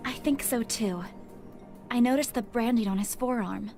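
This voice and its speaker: Actress for earnest young female mage-knight, calm and grave, game dialogue. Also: a little high, moderate pace, close to an everyday voice. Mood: serious. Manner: calm, serious explaining. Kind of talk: video game voice acting. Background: loud game music.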